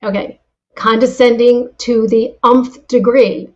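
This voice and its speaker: A woman telling anecdotes and giving advice as a guest in a casual interview, with lively delivery and frequent restarts. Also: a little high, slow, dull audio. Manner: animated storyteller, frequent restarts. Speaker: guest, former insurance seller.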